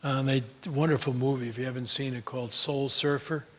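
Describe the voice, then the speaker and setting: A man's voice: mid-range voice, little pitch movement, fairly quick. An older man giving a folksy motivational talk, telling stories with many fillers and answering audience questions. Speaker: speaker.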